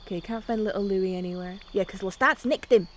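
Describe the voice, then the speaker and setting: A woman's voice: medium pitch, quick pace, a little hiss or hum. Chatty woman streamer, sweary. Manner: chatty, swears freely, reads game dialogue aloud. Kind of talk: casual gaming stream chat. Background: faint game music.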